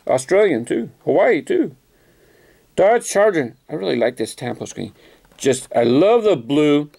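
Gravelly-voiced man chatting about collectibles. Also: on the high side, big pitch swings, unhurried, dark tone. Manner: chatty, self-correcting, enthusiastic about details. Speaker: toy car collector vlogger. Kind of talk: casual unboxing commentary.

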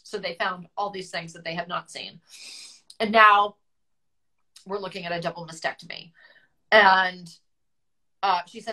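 A middle-aged woman with a bright, forward voice tells her personal story over a video call. She is chatty and open with her feelings, and she often stops and restarts her sentences as she goes. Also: lowish voice, normal speed, low-quality recording. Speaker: guest author.

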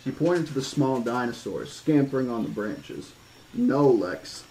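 A man with a middle-range voice narrating a novel aloud in a measured, horror-flavoured manner. Now and then he drops the narration for loose, casual asides. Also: medium pitch, very animated, darkish tone, a little hiss or hum, low-quality recording. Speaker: audiobook reader. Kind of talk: horror-toned novel reading.

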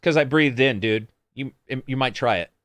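A man of middle pitch hosts a laid-back gaming show and answers viewer comments as they come in. He rambles, swears freely and throws in sarcastic asides. The recording is close and dry, with no room sound. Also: moderate pace, a bit bright, no echo. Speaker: stream co-host reading viewer comments. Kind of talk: casual gaming chat.

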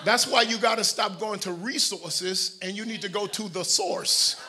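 A middle-aged male pastor preaching a lively sermon in a church, swinging from shouted, almost sung lines to quiet joking asides with the congregation. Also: sits high, normal speed, background noise. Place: church sanctuary.

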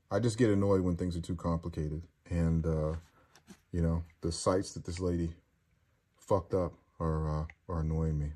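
Deep-voiced crude joking man. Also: a little mellow, slightly rough. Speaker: host reading viewer comments. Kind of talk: casual livestream chat.

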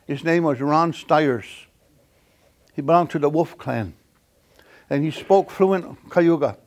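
An older man delivering a storytelling lecture with a voice sitting a little above the usual male range. He speaks haltingly, circling back with fillers and small chuckles as he goes. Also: fairly high pitch. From Akwesasne Mohawk community. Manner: chuckles while telling stories. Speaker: elder giving a lecture.

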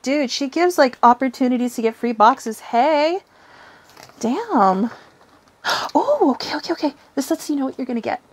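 A young woman, talking in a giddy, gushing rush as she unboxes items. Her voice sits a little high, with frequent giggles and the odd swear word between casual chat to viewers. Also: expressive, moderate pace. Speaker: tarot reader and unboxing vlogger. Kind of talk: excited casual unboxing vlog.

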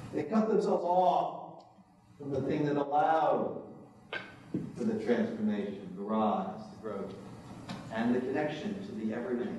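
A man giving a public talk as an author, telling anecdotes in a lively way and acting out what other people said. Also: medium pitch, background noise. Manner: animated anecdotes with quoted voices. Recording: very echoey hall from a distance.

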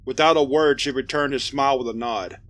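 A man narrating a scripted horror story in a steady, even storytelling voice. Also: mid-range voice, brisk. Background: faint music.

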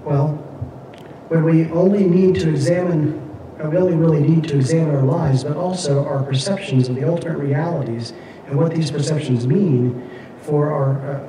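Halting male teacher in an echoey room. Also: on the high side, background noise. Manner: halting, frequent fillers and restarts. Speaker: Bible class teacher. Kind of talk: classroom lecture with scripture readings. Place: classroom. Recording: echoey room, mic at a distance.

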